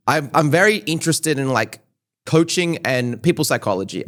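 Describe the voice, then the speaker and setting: A man's voice: mid-range voice, a bit bright. A man who is a YouTuber, talking as a podcast guest in a casual, thoughtful, rambling way with lots of fillers.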